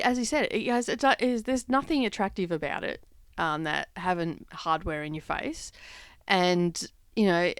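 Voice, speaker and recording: A woman's voice: lowish voice, vocal fry, dry recording. A middle-aged woman, casually telling a family story while she stitches, rambling and laughing often. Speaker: craft vlog host. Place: home craft studio.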